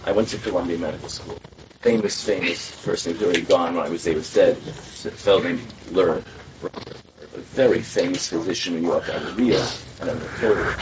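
A man's voice: sits low, distant mic. Male storyteller, acts out his quotes, sits back from the mic with faint background noise. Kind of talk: conversational storytelling.

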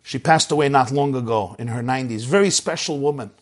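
A man giving a sermon, telling a parable with lively acted-out voices. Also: mid-range voice, a little fast. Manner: animated, acts out shouting voices. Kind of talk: sermon storytelling.

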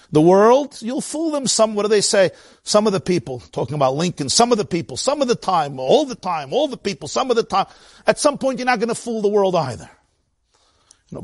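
A man's voice: sits high, no room sound, clean studio sound. A man giving a sermon as a religious teacher. He speaks with passion and emphasis, repeats phrases for effect, and sprinkles in Yiddish words. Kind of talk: weekly sermon to a congregation.

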